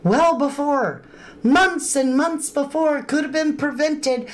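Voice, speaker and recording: A woman's voice: sits high, expressive, takes it slowly. A woman hosting a true crime livestream in a chatty, casual way, greeting viewers by name and adding emphatic asides. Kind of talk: casual live-stream commentary. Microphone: webcam or phone on camera.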